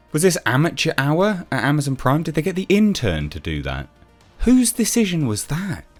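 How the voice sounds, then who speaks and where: A man reviewing a TV episode in a sarcastic, exasperated rant, swearing freely. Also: medium pitch. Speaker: TV show reviewer. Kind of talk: ranting video review.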